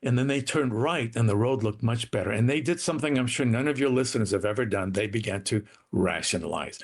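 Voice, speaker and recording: A man's voice: fairly quick, hardly any pauses. A man telling his family's story as an interview guest, earnest and dramatic, his voice rising and falling. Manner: earnest, dramatic retelling with shifting pitch.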